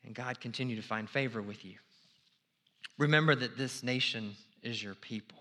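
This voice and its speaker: A male pastor preaching a sermon, acting out prayers with swings from loud pleading to hushed whispers. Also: medium pitch, normal speed.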